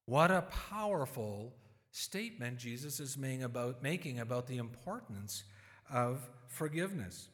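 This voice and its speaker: A man preaching a sermon, retelling scripture in lively everyday words and voicing its people. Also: medium pitch, normal speed, big-room sound.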